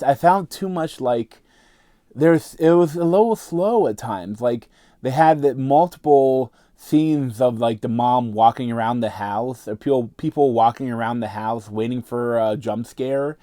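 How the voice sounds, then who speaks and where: A man's voice: medium pitch, measured pace, dark tone, no echo, studio quality. A man giving a casual, rambling movie review, full of filler words and restarts.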